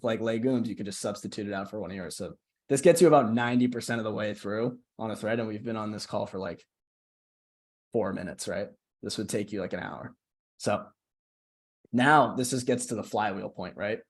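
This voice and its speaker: A man giving a casual screen-share tutorial on a video call as a marketing coach, talking in a chatty way, often asking "right?" and restarting his phrases. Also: fairly low pitch.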